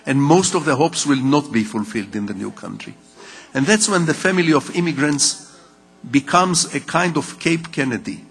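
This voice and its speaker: Older man, Israeli accent, husky, public lecture, reverberant hall. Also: a little high, sharp tone. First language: Hebrew. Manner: measured storytelling with rhetorical repetition. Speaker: writer giving a lecture.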